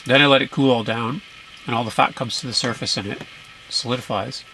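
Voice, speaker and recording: A man talks at an easy pace at a winter camp, explaining patiently. His voice is of medium pitch, with clear background noise around him. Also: fairly even intonation, a little fast, pushed and bright, rough recording. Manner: explanatory, easygoing. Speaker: camping companion. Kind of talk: casual chat.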